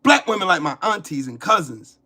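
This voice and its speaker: A man's voice: high-pitched, lively intonation, brisk, bright, forceful tone. A man in his forties ranting about politics, heated, profane and repetitive, saying he is pissed off and has a headache. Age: 40s. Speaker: political commentary streamer. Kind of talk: angry ranting commentary.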